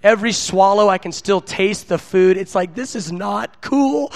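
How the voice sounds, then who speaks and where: Animated, self-mocking male preacher. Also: high-pitched, normal speed, gravelly, no room sound. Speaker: pastor. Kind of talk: storytelling sermon.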